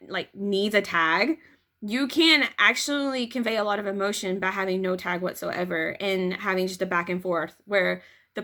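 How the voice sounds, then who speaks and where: Woman, bright and forceful tone, fairly high voice, chatty editing lesson, opinionated. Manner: chatty, opinionated, many likes and fillers. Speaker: editor giving writing advice. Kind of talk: casual video lesson.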